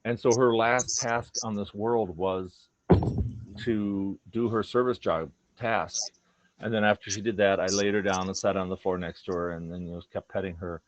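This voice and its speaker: A man's voice: lowish voice, fairly even intonation, normal speed, slight background noise. A man telling personal stories about his dogs in a casual, earnest chat, acting out their thoughts in quoted voices. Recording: dull lo-fi recording.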